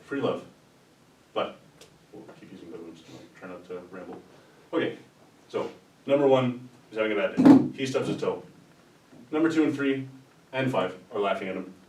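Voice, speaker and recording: Man, low voice, casual rambling lecturer, recorded from a distance in a roomy lecture room with a faint rumble. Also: lively intonation, moderate pace, long pauses. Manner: rambling, conversational, with restarts and asides. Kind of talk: informal lecture.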